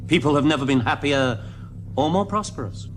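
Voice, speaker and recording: An actor playing a smug, pompous male collaborator official in a 1970s TV drama, self-assured and quick to turn defensive. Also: a little high, expressive, slight background noise, natural voice.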